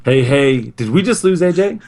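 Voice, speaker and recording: A man's voice: mid-range voice, animated, moderate pace, darkish tone. A man co-hosting a casual gaming podcast, teasing the others with dry humor. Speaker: podcast co-host. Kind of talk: casual chat.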